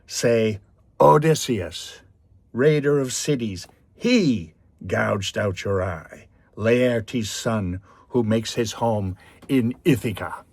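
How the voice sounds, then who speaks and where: A man reciting the taunts of a boastful, defiant male warrior hero in a proud, slow declamation. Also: on the low side, vocal fry, darkish tone, husky, dry recording, voice pushed up, exaggerated voice.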